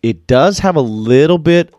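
A man's voice: fairly high pitch, animated, measured pace, darkish tone, muffled recording. A man co-hosting a casual food tasting, laughing often and restarting his sentences as he describes the bread. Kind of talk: casual chat.

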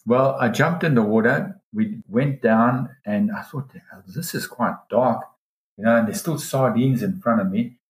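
A man telling a long diving story in a casual interview, lively and excited when he quotes others. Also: unhurried. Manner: animated, pitch jumps when quoting others. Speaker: dive guide telling a story. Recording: roomy echo.

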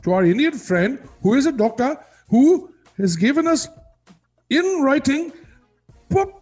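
A man's voice: extremely high pitch, sing-song, unhurried, darkish tone, soft background music. A podcast co-host, a man, joking through comic banter in a put-on voice that he keeps up the whole time. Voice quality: playful mock voice held throughout.

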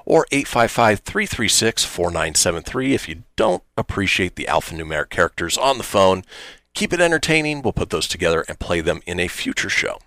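A man's voice: deep voice, sing-song, fairly quick, fairly bright tone, no room sound, studio quality. A man hosting a radio talk show, talking loosely and wryly with lots of "uh" fillers. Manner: loose and conversational, many uh fillers, wry.

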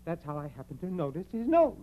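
A stammering jittery witness. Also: male voice, fairly high pitch, sing-song, fast talker, narrow, tinny audio, slight background noise. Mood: flustered. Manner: stammering, repeats himself. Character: nervous stammering male murder witness. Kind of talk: 1940s radio acting.

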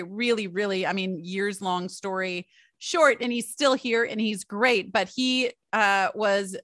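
A woman in her forties telling personal stories as a podcast host, chatty and animated, speaking straight to her listeners. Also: mid-range voice, no room sound, studio quality. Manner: chatty, animated, laughs often, addresses listeners directly. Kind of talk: personal storytelling monologue.

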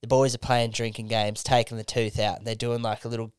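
A young Australian man with a smooth, clean voice spins a crude yarn for his mates. He swears freely and slips into the voices of the people in his story. The sound is close and dry, like a podcast mic. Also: mid-range voice, fairly quick, no echo. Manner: animated, swearing yarn-spinner acting out quotes. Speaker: podcast host. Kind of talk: casual storytelling chat.

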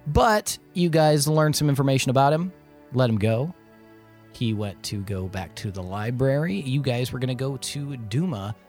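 Man, game master, recap narration, slow pace, faint music behind. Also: medium pitch. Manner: laughs through his narration.

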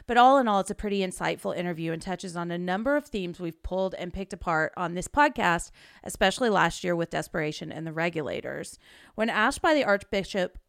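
A woman's voice: lowish voice, animated, fairly quick, gravelly, a bit bright, clear, resonant tone, dry recording, clean studio sound. A woman co-hosting a casual podcast, chatty and self-deprecating, often breaking into giggles. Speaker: podcast co-host.

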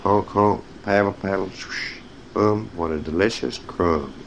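A man with a somewhat low voice reads picture-book stories to young children. He talks to his listeners directly and tells them when to turn the page. A faint noise sits under his voice. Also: measured pace, dull audio. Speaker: storyteller. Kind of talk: reading children's stories aloud.

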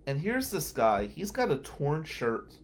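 A man's voice: a little high, huge pitch swings, a little slow, background noise. A man hosting a podcast, a lawyer telling wry, incredulous stories from his working day. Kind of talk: storytelling monologue.

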